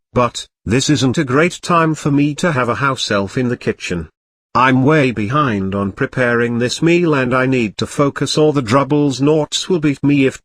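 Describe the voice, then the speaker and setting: A man voicing a harried young wizard boy who answers with flat, exasperated asides. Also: medium pitch, slight background noise, lightly acted.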